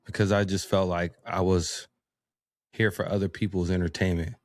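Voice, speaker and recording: A man chatting as a podcast guest, telling animated stories, acting out quotes and laughing often. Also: low voice, moderate pace, dry recording, clean studio sound. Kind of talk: casual conversation.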